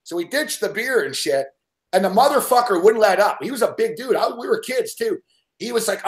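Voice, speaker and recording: Man, high-pitched, foul-mouthed, animated storyteller, chuckling, echoey room. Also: brisk. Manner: profane, animated storyteller who laughs often. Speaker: show host. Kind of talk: casual storytelling chat.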